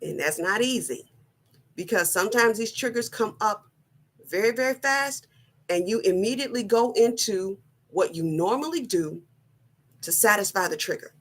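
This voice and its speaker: A middle-aged woman giving a personal motivational talk, slow, earnest and deliberate, often repeating her phrasing. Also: medium pitch, expressive. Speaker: wellness vlogger.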